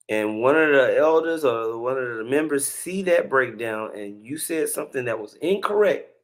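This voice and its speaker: A man hosting a casual religious commentary, chatty and preachy, with chuckling asides between clips. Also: mid-range voice.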